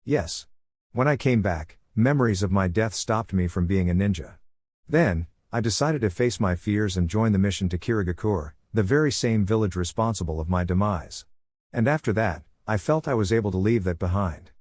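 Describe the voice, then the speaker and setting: A man's voice: on the low side, lively intonation, moderate pace, a little mellow, no room sound, clean studio sound. A man voicing an earnest young female ninja healer, in a plain reading voice. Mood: resolute.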